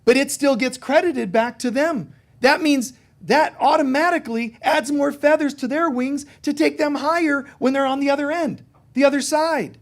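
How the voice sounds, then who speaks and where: Man, middle-aged, high voice, spiritual teacher, conversational sermon, animated storytelling. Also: normal speed, hardly any pauses.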